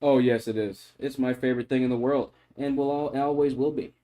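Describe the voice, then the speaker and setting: A man, a streamer, chatting casually on a livestream in an animated, mock-solemn lecturing way. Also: medium pitch, brisk. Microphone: microphone.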